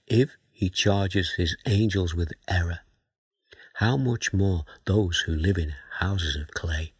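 Male preacher, very husky and deep, slow measured Bible teaching. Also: no room sound. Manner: measured, questioning, reads scripture aloud.

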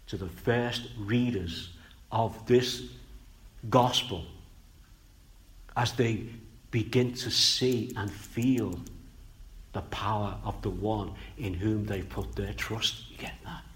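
A man preaching a sermon, swinging between loud emphatic bursts and quiet low asides, and stretching out key phrases.

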